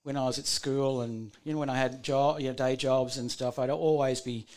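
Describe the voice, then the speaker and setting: A man's voice: mid-range voice, steady tone, moderate pace, a little mellow. A man with an Australian accent, a musician guest, chatting and telling stories in a laid-back, laughing way. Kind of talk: casual chat. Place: home bar in a shed.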